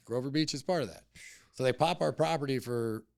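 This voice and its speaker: Fast-talking gravelly man, blunt and profane. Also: medium pitch, a little mellow, no echo, clean studio sound. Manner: blunt, heavy swearing, heated. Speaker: cannabis company CEO, podcast guest. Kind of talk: casual interview storytelling.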